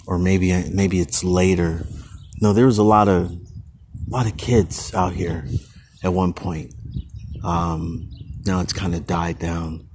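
A man hosting his own podcast, talking casually and rambling into tangents with a husky voice and slangy manner. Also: deep voice, slight background noise. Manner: goes on tangents, restarts, slangy. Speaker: podcast host.

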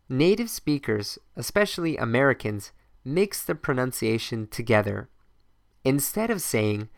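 Slow, careful male English teacher. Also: medium pitch, fairly bright tone, no echo, studio quality. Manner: slow, clear modeling of phrases for learners to repeat. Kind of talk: scripted podcast lesson.

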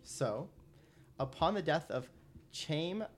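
A man's voice: mid-range voice, expressive, a little fast, darkish tone, a little hiss or hum. Laughing man telling trivia story. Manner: laughs often, stumbles and restarts. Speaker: podcast co-host.

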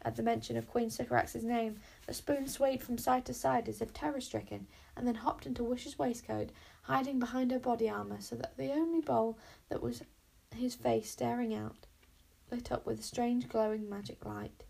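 A woman reads a children's storybook aloud, measured and expressive. Her voice sits a little high with a gravelly fry at phrase ends. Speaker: narrator.

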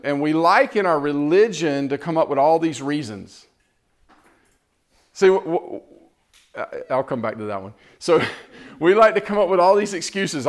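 A man preaching in a casual storytelling way, acting out the lines of the people in his story. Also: on the high side. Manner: animated, acts out quoted exchanges. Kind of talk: storytelling sermon.

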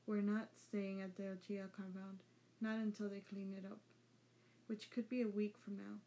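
A woman's voice: medium pitch, level tone, moderate pace, mellow, natural voice. A woman reading aloud and voicing a grumpy, grumbling young boy from a fan story. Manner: grumbling, sarcastic.

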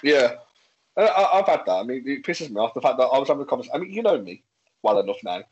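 A man's voice: mid-range voice, sing-song, fast, husky, muffled recording. A man with a Birmingham accent chatting casually, telling stories bluntly and swearing freely. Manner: blunt and sweary, acting out quotes. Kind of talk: casual chat, storytelling.

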